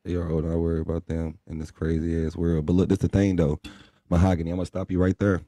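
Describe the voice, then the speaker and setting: A young man with a deep, low voice chats on a late-night live stream. He talks bluntly and profanely, preaching at his viewers. His voice sounds dark and close, with no room around it. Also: little pitch movement, fast talker, no echo. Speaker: livestream co-host. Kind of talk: casual live stream chat.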